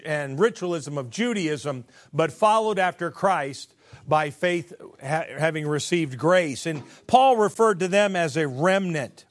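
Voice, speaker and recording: A man preaching an earnest, folksy sermon, often restarting his phrases as he retells a Bible story. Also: high-pitched.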